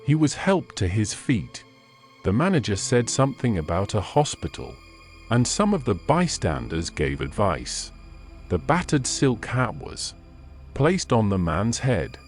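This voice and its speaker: Guy narrating an old story, lowish voice, super expressive, slow. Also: soft background music. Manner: measured, expressive reading. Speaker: audiobook narrator. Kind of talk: scripted narration of a classic story.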